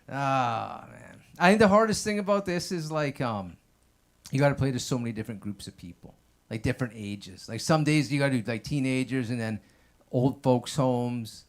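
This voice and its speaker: A man's voice: mid-range voice, lively intonation, normal speed. A man doing a loose, rambling stand-up set at an open mic, peppering his talk with "like" and "man". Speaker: stand-up comedian. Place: stage at an open mic showroom.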